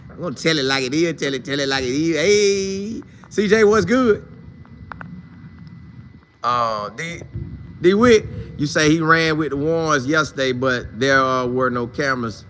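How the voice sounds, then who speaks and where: A man hosting a casual sports talk live stream, shouting out viewers by name in loose, slangy, animated talk. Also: on the high side, a little hiss or hum.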